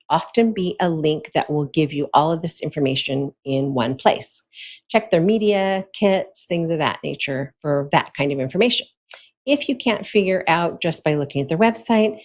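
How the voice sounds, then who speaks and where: Low-voiced woman giving chatty advice. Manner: chatty and conversational, with frequent fillers and little laughs. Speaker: host giving advice to authors. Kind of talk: casual instructional talk.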